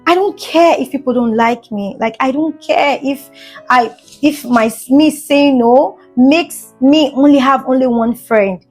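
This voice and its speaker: A young woman vlogger speaks straight to her viewers in an earnest, emphatic way, often pausing to ask if they understand. Her voice sits a little high, and faint music plays underneath. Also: darkish tone, slightly rough. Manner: earnest, emphatic, keeps asking "do you understand?"; fillers and restarts, gets emotional at times. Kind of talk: casual storytime monologue to camera.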